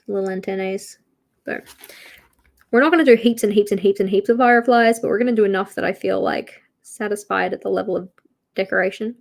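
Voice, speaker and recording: A woman's voice: mid-range voice, steady tone, brisk, creaky. An Australian woman hosting a livestream, chatting casually and laughing as she draws and reads out viewer comments. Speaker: livestream host. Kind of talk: casual livestream chat while drawing.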